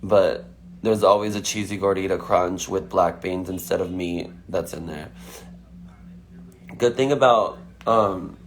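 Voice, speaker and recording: A man's voice: deep voice, slight background noise. A man chatting casually on a phone livestream, answering fan questions with lots of fillers. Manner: chatty, filler-heavy, frequent "like".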